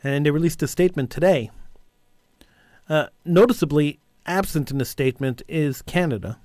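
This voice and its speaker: A man's voice: fairly high pitch, moderate pace, darkish tone, no echo, studio quality. A man hosting a call-in talk radio show, delivering an impassioned, indignant monologue and repeating phrases for emphasis.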